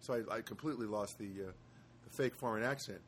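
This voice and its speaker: A man's voice: lowish voice, fast, a little hiss or hum. A man hosting his own show from a studio apartment, telling stories in a rambling casual monologue with wry asides and many hesitations.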